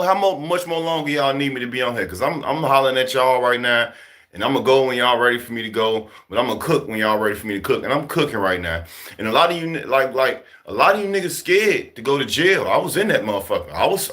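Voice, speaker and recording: A man from Chicago casually telling a story to his viewers, profane and animated, laughing as he goes. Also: medium pitch, a little fast. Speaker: vlogger talking to his viewers.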